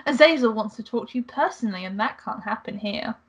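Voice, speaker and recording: A woman's voice: on the high side, lively intonation, quick pace, breathy edge, dull audio. A woman doing a sly French-accented male spy. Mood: persuasive. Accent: French, put on. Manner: teasing, sly. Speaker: guest reader. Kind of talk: reading a text game aloud.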